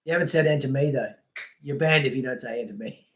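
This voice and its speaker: Speaking quickly at a medium pitch, this livestream host keeps his fishing stream casual, reading chat names aloud, chatting loosely and laughing a lot.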